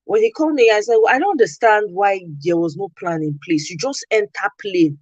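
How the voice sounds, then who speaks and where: On a dry, lo-fi recording, a Nigerian woman podcast host chats casually, speaking a little fast in a mid-range voice. She tells her story with animation, performing the replies she gave.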